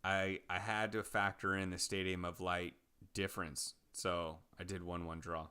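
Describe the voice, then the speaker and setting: A man co-hosting a podcast, chatting casually about soccer picks and betting odds, relaxed and rambling with fillers. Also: low-pitched, moderate pace, clean tone. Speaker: podcast co-host. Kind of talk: casual sports betting chat.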